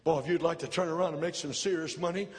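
A man preaching imitates a slick radio pitchman selling gold in a rapid sales patter. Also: long reverb tail, close to an everyday voice. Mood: salesy.

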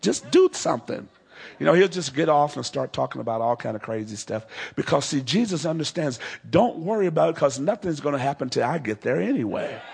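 A man's voice: a little high, expressive, fairly quick, vocal fry, hardly any pauses, a little mellow, slight background noise. A man preaching a revival sermon at a large crusade, acting out the dialogue of the story he tells.

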